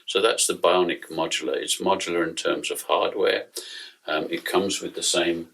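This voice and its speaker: Very deep, gravelly-voiced man. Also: fairly even intonation, normal speed, a bit bright, rough recording. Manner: chatty and self-deprecating, with small jokes. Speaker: product distributor presenting equipment. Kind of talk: casual product demonstration.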